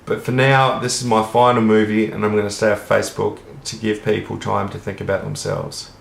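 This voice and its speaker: An Australian man talks on at length in a low, flat, gravelly voice, earnest and rambling, with casual swearing. The room around him sounds echoey. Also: a little fast, slight background noise. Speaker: vlogger. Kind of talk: rambling monologue to camera. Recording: roomy echo.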